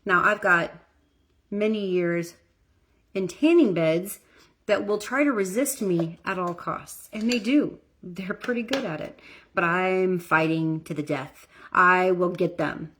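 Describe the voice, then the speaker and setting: A woman's voice: lowish voice, animated, measured pace, fairly bright tone, slight background noise. A middle-aged woman, a makeup artist, chatting casually through a makeup tutorial, talking while she applies her makeup. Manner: chatty, self-deprecating, talks while applying makeup.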